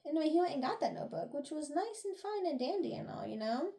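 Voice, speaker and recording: A woman co-hosting a book review podcast, recapping chapters in animated casual chat, swearing and laughing along. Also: high voice, quick pace, vocal fry.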